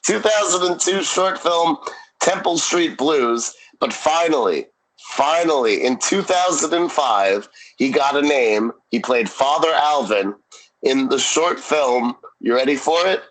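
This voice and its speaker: A man's voice: a little high, animated, fairly bright tone, low-quality recording. Joking male podcast co-host. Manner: joking, rambling recap with quick asides. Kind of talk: casual chat.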